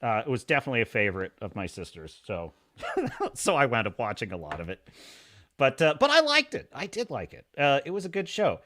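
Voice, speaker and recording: A man hosting a live stream, talking in a sarcastic, animated way and reading chat messages aloud. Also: medium pitch, brisk, a little hiss or hum. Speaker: podcast host.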